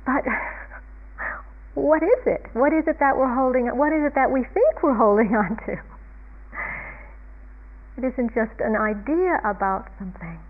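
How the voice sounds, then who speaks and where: A woman meditation teacher giving a dharma talk in a fairly high voice, reflective and unhurried, with frequent soft chuckles. The sound is narrow and tinny, like a phone line.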